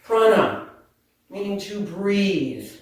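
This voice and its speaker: A woman leads a group through a laughter yoga talk, playful and quick to laugh. Her voice reaches the mic from a distance and rings around a very echoey community hall. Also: mid-range voice. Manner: lively and laughing, playful asides.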